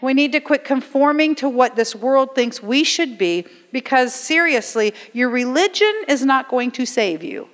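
Woman preacher, middle-aged, slightly high voice, punchy conversational delivery, long hall reverb. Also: expressive, moderate pace, few pauses. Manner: emphatic, conversational preaching with rhetorical questions. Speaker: guest speaker at a church. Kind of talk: sermon. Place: church sanctuary.

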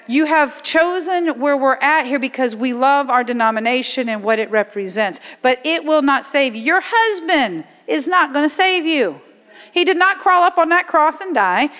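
Woman preacher, middle-aged, slightly high voice, punchy conversational delivery, long hall reverb. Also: fairly bright tone. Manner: emphatic, conversational preaching with rhetorical questions. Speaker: guest speaker at a church. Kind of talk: sermon. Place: church sanctuary.

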